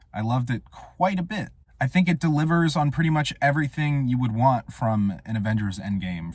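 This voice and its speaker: A man giving a casual, rambling film review monologue with wry, deadpan humor. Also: lowish voice, dry recording. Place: Portland area.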